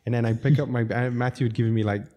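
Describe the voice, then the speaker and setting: A man's voice: medium pitch, rapid-fire. A middle-aged man, a restaurateur guest on a podcast, telling casual stories and laughing his way through them. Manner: laughs through lively anecdotes. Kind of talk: casual storytelling.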